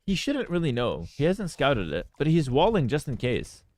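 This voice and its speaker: Animated talkative male game caster. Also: fairly high pitch, normal speed, dry recording. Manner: animated, talkative, many fillers and asides. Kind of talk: casual storytelling and esports commentary.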